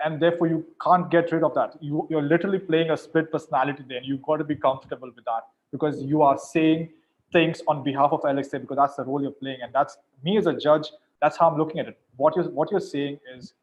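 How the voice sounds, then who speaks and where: A man judging mediation competitions gives informal coaching advice in an animated way, often repeating words as he starts a sentence. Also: on the high side, dull audio.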